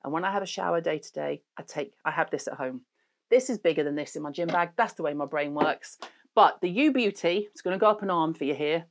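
A middle-aged woman talks through beauty products in a blunt, sweary, joking way. Her voice sits a little low for a woman. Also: quick pace. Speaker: beauty show host. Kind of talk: casual chat reviewing products.

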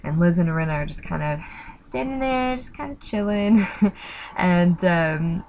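A woman's voice: on the low side, lively intonation, unhurried, darkish tone, a little hiss or hum, low-quality recording. A young woman casually recounting a story, rambling with many fillers and acting out what others said. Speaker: missionary recounting outreach.

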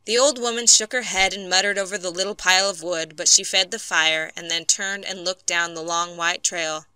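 A woman narrating an audiobook story for English learners in a clear, measured way on a close mic. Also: fairly low pitch, fairly even intonation, pushed and bright, no echo.

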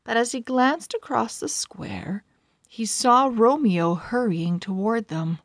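A woman reading a children's storybook aloud in a calm, measured way. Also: fairly high pitch, no room sound, clean studio sound. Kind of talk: children's book read-aloud.

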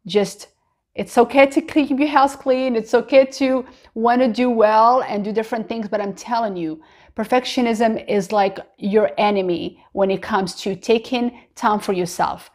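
A woman's voice: a little high, steady tone, moderate pace, a little mellow. A woman in her thirties giving an encouraging faith-based self-help talk to camera, earnest and full of "you know" asides. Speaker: vlogger.

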